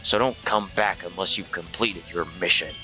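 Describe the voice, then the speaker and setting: A man's voice: sits low, fairly even intonation, normal speed, sharp tone, soft background music. A man voicing a brash army officer in a game, barking orders in a bossy way.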